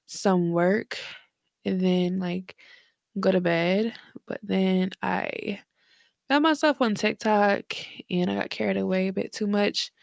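Speaking at a slow pace in a gravelly, mid-range voice, a young podcast host chats late at night from her bedroom. She sounds tired and slightly breathless, rambling casually with slang and plenty of fillers. She's on headphones and a desk mic, and the clean studio sound has no echo.

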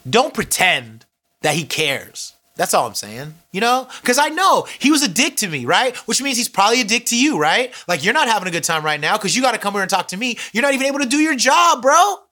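A man telling a comic story, animated and acting out each character's voice. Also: high-pitched, fairly quick. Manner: animated, acts out every character.

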